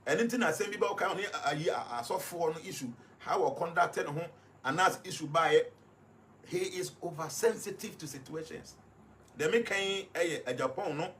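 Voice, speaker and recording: A man's voice: a little high, moderate pace, a bit bright, slight background noise. A man with a Ghanaian accent giving explanatory commentary, stressing each point by repeating it emphatically. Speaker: guest analyst.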